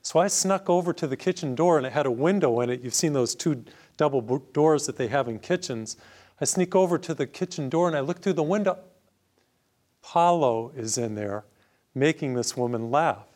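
Earnest priest telling a story. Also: male voice, fairly high pitch, expressive, moderate pace, darkish tone. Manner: conversational, earnest storytelling with emphatic repetition. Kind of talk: homily with personal story.

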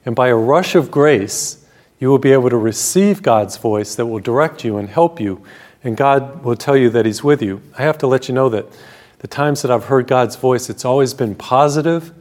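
Gentle storytelling priest preaching on TV. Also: male voice, mid-range voice. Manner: warm storytelling preacher, slows down for scripture. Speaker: Catholic priest and TV program host. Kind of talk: televised sermon.

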